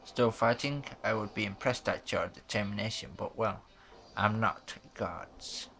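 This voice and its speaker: Sneering male villain jailer from a story game, read by a man, low and gravelly. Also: unhurried, fairly bright tone. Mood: mocking. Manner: sneering, condescending.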